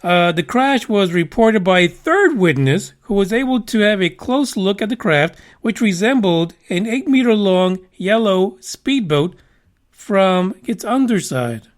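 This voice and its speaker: A man with a high voice hosts a casual podcast. He rambles through the news with profane, wisecracking asides. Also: lively intonation, unhurried. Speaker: podcast host.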